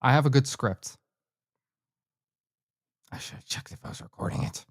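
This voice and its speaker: A woman's voice: rumbling low, normal speed, no room sound, clean studio sound. A woman streamer chatting casually to her viewers, blunt and profane, often talking to herself. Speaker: livestreamer. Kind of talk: casual live-stream chat.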